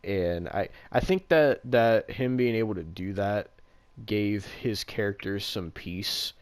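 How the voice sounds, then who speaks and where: Low-voiced man rambling through a retelling. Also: slow, clear, resonant tone, no room sound. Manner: rambling, heavy use of "like" fillers, casual swearing. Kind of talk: casual chat retelling a movie plot.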